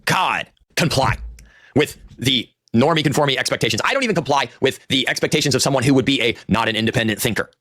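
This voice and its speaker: A man's voice: mid-range voice, expressive, quick pace, bright, forceful tone, dry recording, studio quality. A man in his thirties ranting in a vlog monologue, profane, exasperated and self-pitying. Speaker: online video maker.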